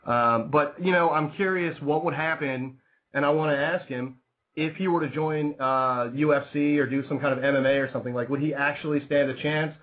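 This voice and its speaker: A man's voice: on the high side, steady tone, a little fast. A man hosting a radio show, chatting casually and rambling, plugging sponsors and reading out the call-in number. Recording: tinny phone-like lo-fi sound.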